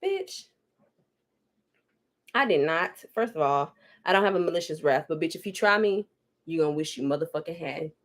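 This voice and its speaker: A woman's voice: deep voice, sing-song, normal speed, long pauses. Blunt, foul-mouthed woman ranting at the stove. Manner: profane, blunt, emphatic. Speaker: vlogger. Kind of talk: candid rant while cooking. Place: home kitchen at the stove.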